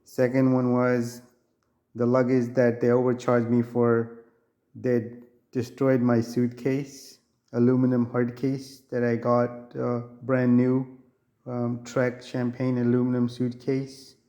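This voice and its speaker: A man talks through a complaint in a casual vlog, his voice still nasal from being sick. He speaks slowly and evenly, with little rise and fall, and often backs up to restart a thought. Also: medium pitch, completely flat delivery, dark tone. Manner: halting, with restarts and fillers. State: nasal from recovering illness. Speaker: vlogger.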